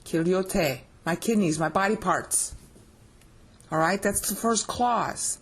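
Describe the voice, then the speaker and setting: Woman, Bible teacher, slow deliberate delivery, breathy voice, emphatic step-by-step explaining, computer mic. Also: on the low side. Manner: emphatic, explaining step by step with frequent checks for understanding. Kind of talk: screen-share scripture lesson.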